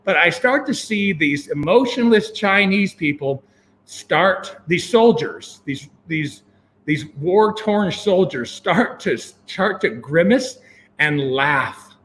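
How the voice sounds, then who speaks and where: A man telling a long personal story as an interview guest, animated and full of fillers and chuckles. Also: high-pitched, takes it slowly, slight background noise. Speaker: guest, venture capitalist. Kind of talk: casual anecdote telling.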